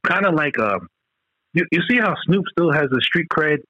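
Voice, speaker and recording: A man's voice: fairly high pitch, lively intonation, moderate pace, pushed and bright, slightly rough, no room sound, lo-fi sound. A man in casual podcast chat, talking loosely and profanely, rambling between points with lots of restarts.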